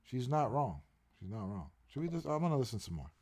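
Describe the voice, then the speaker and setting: A man's voice: mid-range voice, sing-song, fast, darkish tone. A man streaming and ranting casually, profane and repetitive as he reacts. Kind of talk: casual ranting livestream commentary.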